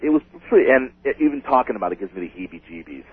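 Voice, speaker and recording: A man calling in to a radio show, telling a ghost story in an excitable, rambling way. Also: medium pitch, racing, breathy edge, no echo. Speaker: caller. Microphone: telephone. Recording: tinny phone line.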